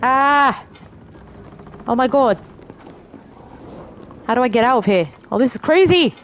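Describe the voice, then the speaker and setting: Excitable London woman streaming a game. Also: a little high, unhurried, a little hiss or hum. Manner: chatty, excitable, yelps and swears at the game. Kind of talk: live gameplay commentary.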